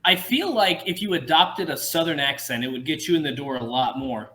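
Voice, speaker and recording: A young man co-hosting a podcast, an animated storyteller who laughs and slips into put-on voices. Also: a little high, a little fast. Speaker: podcast co-host. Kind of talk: casual chat.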